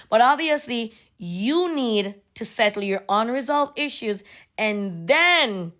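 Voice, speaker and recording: A young woman casually telling a story, animated and slipping into patois. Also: medium pitch. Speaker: vlogger.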